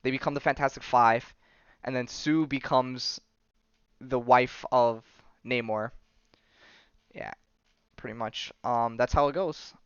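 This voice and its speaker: A man's voice: mid-range voice, fairly even intonation, slow, long pauses, smooth, dry recording, highs cut off. A man hosting a podcast, recapping comics in casual chat full of fillers and restarts. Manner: rambling, many fillers and restarts. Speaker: podcast host.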